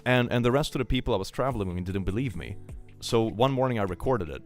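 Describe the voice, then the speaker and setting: A man's voice: lowish voice, expressive, fast talker, soft background music. A young man chatting casually on a live stream, joking and laughing often.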